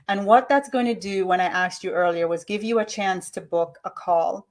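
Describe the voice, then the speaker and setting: A woman's voice: mid-range voice, moderate pace. A woman hosts a live money-mindset coaching session and talks straight to her audience. Her voice sits in an ordinary mid range. Her delivery is enthusiastic and motivational.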